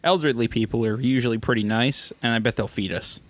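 A man playing a tabletop game, chatty and eager with quick questions. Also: medium pitch. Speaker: player. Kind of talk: casual tabletop game chat.

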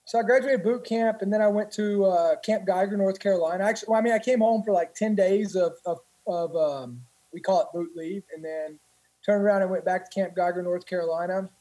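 A man's voice: high voice, brisk, dark tone, poor audio. Rambling, profane male veteran guest. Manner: rambling, profane, many restarts. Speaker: guest, former Marine. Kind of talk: casual storytelling.

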